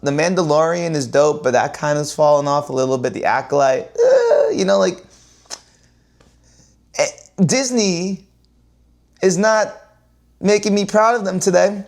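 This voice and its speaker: A man ranting casually to his viewers as a vlogger, repeating himself and swinging from loud exclaims to low mutters. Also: sing-song, measured pace, vocal fry, pauses often.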